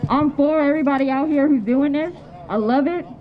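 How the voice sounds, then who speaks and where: High-voiced woman rallying a crowd outdoors. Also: fairly quick, lo-fi sound. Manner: forceful, repetitive rallying appeals. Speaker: protester speaking at a press conference. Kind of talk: impassioned public address. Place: outdoor parking lot.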